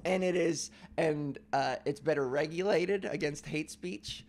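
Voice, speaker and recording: A man's voice: a little high, a little slow, darkish tone. A man hosting a casual podcast, ranting in a profane, self-mocking way. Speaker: podcast host.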